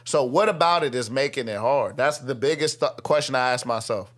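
A young man telling a story in casual chat, slangy and animated, acting out what people said and laughing often. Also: medium pitch, fairly quick. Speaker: guest, rapper.

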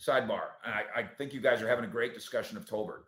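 Answering viewer comments on his sports talk show, this host talks very fast in a lowish voice. He's sarcastic and animated, alternating loud points with quiet asides, in a recording with roomy echo.

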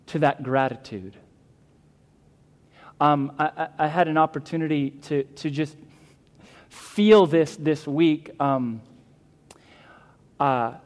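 A man's voice: mid-range voice, a little mellow. A man preaching a sermon as a pastor, earnest and emphatic, with fillers and restarts. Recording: long hall reverb.

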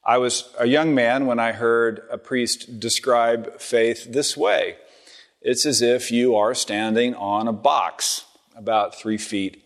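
A man, a church rector giving a storytelling sermon, acting out the quoted voices with a lifted pitch. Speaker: rector and preacher. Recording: church hall with long reverb.

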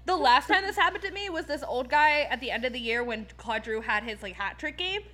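A woman's voice: high voice, lively intonation, fairly quick, fairly bright tone. A woman from Philadelphia hosting a casual podcast chat, ranting with heated profanity and many fillers. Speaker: podcast host.

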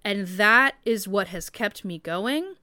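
Chatty woman in her thirties, smooth voice. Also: medium pitch, animated, slow pace, bright, forceful tone, dry recording, clean studio sound. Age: 30s. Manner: chatty, rambling, many "like" and "um" fillers. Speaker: podcast host. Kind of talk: casual podcast monologue.

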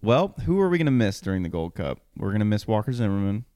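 Man, low pitch, smooth clear voice, dry sound, casual rambling chat. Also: big pitch swings, fast talker, warm tone, no echo. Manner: rambling, self-correcting, laughs often. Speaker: podcast co-host.

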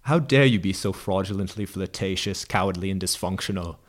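A man's voice: deep voice, brisk, close to an everyday voice. A man with his own American accent voicing an indignant young British woman in a British accent, reading the line in a clipped, theatrical way.

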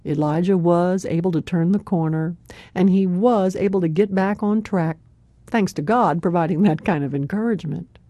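A woman hosting a devotional radio program, telling a Bible story in a warm conversational way, with a laugh here and there. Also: lowish voice, moderate pace, no room sound.

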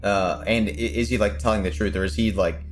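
A man's voice: fairly low pitch, steady tone, fairly quick, faint music behind. A man playing in a tabletop role-playing game, asking rambling, joking questions in casual chat. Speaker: player.

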